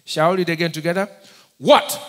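A man with a Nigerian accent preaching a sermon, firing call-and-response questions at his congregation and breaking into sudden shouts. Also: on the high side, steady tone, fairly quick, in a large hall. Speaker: pastor.

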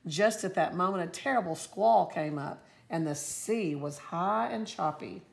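Gravelly-voiced woman reading a story. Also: lowish voice, measured pace. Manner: expressive, lively storytelling. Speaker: teacher reading aloud. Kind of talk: storybook read-aloud.

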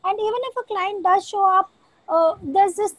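A woman's voice: extremely high pitch, fairly even intonation, moderate pace, no room sound, rough recording. A woman asking for coaching, talking hesitantly with many fillers and restarts. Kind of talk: casual call conversation.

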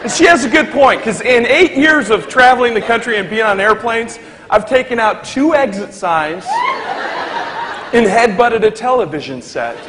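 High-voiced male speaker in echoey hall. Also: moderate pace. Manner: animated, acts out the people in his story. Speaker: motivational speaker. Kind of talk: comic storytelling to a live audience. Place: large hall with a live audience. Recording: echoey hall with crowd laughter and noise.

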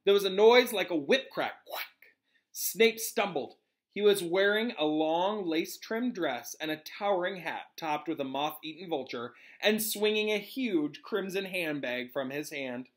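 With a voice that sits high, a man who teaches reads a novel to his class with lots of animation, stopping now and then to fix his mistakes and offer explanations.

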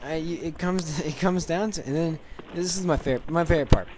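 Man, rambling excited storyteller, gaming commentary, noisy mic with clicking. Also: on the high side, fairly quick. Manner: rambling, excited, many restarts. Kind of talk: casual storytelling over gameplay.

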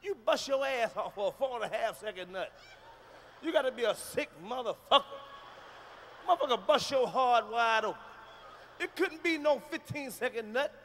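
A man doing a loud, profane stand-up routine on stage, telling stories with shouts and acted-out moans. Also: very high-pitched, lively intonation, moderate pace, a little hiss or hum. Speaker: stand-up comedian. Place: large live venue on stage.

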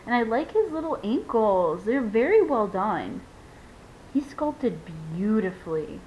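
A woman's voice: sing-song, unhurried. A young woman in casual unboxing chat who gushes, squeals and laughs often as she talks to her viewers. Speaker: vlogger unboxing a reborn doll. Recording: dull lo-fi home video with faint rumble.

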